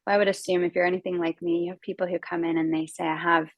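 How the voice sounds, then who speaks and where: A woman's voice: on the low side, level tone, fast, no room sound, rough recording. An American woman, a podcast guest, talking earnestly in casual conversation, with many fillers and restarts.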